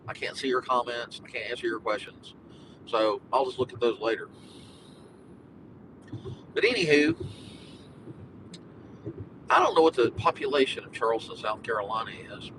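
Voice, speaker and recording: A man's voice: sing-song, normal speed, long pauses. A man livestreaming from his car, a podcast host chatting casually and rambling with jokes. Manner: jokey, meandering, sings and makes animal noises. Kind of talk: rambling casual live stream while driving. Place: car in traffic. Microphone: phone in car. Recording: faint road noise in car. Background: engine rumble.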